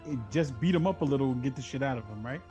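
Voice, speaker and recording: A man's voice: medium pitch, animated, rapid-fire, mellow, highs cut off, soft background music. A man playing a tabletop role-playing game, chatting casually and cursing as he describes his character's moves. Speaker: player.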